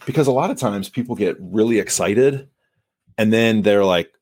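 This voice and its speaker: Emphatic, low-voiced male sales coach. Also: expressive, fairly quick, a little mellow, no echo, clean studio sound. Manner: emphatic, coaching, acts out buyer and seller lines. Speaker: sales podcast host. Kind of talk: solo podcast advice monologue.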